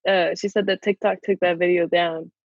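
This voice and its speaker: A woman's voice: lowish voice, flat delivery, moderate pace, no echo, dull audio. A woman co-hosting a podcast, rambling casually with lots of fillers and laughter. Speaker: podcast co-host. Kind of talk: casual chat.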